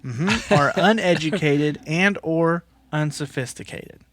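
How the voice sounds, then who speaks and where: Brief: male podcast co-host, a bit high-pitched, emphatic and teasing in casual chat. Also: slow, fairly bright tone, no echo.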